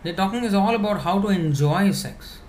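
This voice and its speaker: A man giving a conversational spiritual talk, answering questions with many fillers and restarts, now and then laughing softly. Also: high voice, moderate pace, slight background noise.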